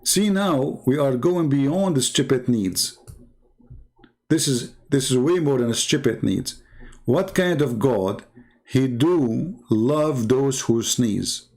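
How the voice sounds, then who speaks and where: Brief: male debater, gravelly, mid-pitched, mocking and argumentative, non-native English phrasing. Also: expressive, slow pace, a little mellow. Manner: mocking rhetorical questions. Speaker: Christian debater.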